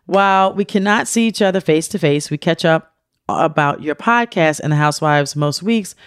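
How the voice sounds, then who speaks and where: A woman's voice: low voice, clean tone, dry recording, studio quality. A middle-aged woman co-hosting a podcast, reading listener mail aloud in a playful, teasing way. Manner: playful, teasing, drawn-out emphasis. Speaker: podcast co-host.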